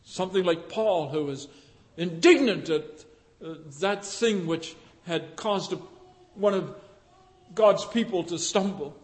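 A man preaching a sermon, fervent and emphatic, with pauses and fillers between phrases. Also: high-pitched. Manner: fervent, rising to loud emphatic passages. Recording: echoey hall with long reverb.

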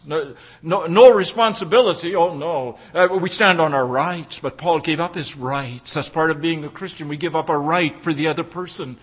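Male preacher, high bright voice, emphatic sermon delivery that drops to a hush, stumbles and repeats words. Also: normal speed, breathy edge. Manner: emphatic, swings from loud declaring to hushed pleading; repeats and restarts words mid-phrase.

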